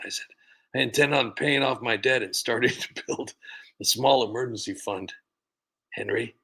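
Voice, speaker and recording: A man's voice: mid-range voice, moderate pace, gravelly, bright, forceful tone, husky. A man chatting casually on a livestream, telling a rambling sarcastic story. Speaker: streamer.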